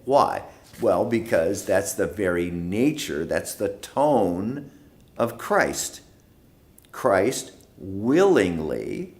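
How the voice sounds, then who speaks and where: A man leading a church Bible study, who talks slowly and repeats phrases for emphasis. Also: low-pitched, darkish tone. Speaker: pastor.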